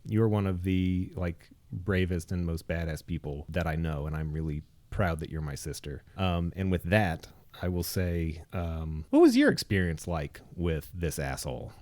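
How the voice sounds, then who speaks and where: A young man telling stories in casual chat, animated and swearing freely, his voice jumping high when he quotes himself. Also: normal speed. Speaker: podcast co-host.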